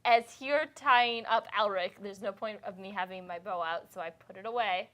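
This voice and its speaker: A woman's voice: mid-range voice, moderate pace, pushed and bright. A woman playing a character in a tabletop game, eager and full of questions. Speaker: player. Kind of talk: casual tabletop play.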